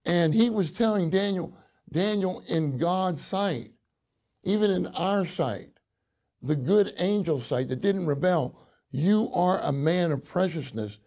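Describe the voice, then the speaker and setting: A man preaching a sermon to a congregation, slow and deliberate, repeating key phrases for emphasis. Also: high voice, darkish tone. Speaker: minister speaking to a congregation.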